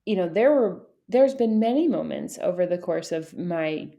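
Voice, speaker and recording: A woman in her thirties with a fairly low voice sits in on a podcast conversation, speaking earnestly and reflectively. Her talk is loose and casual, full of fillers as she works through her thoughts. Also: animated, moderate pace, creaky, mellow. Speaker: podcast co-host. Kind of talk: casual chat.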